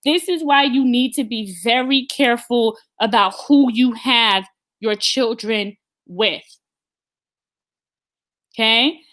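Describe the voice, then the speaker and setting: A woman's voice: on the high side, slow pace, long pauses, fairly bright tone. A woman hosting an opinionated live talk stream, blunt and emphatic, often stammering and restarting her sentences. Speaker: host.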